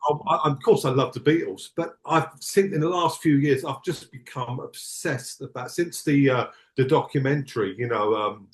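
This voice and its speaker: A middle-aged man reminisces as a podcast guest, mid-pitched and reflective. He rambles and restarts his sentences as he talks things through. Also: moderate pace, few pauses. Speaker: guest, tour manager. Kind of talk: casual chat.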